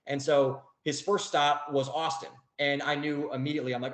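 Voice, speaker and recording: A man's voice: fairly high pitch, flat delivery, moderate pace, few pauses, fairly bright tone, reverberant, poor audio. A young man telling a story as a podcast guest, rambling, with many fillers and restarts. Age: young adult. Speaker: guest author. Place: home office.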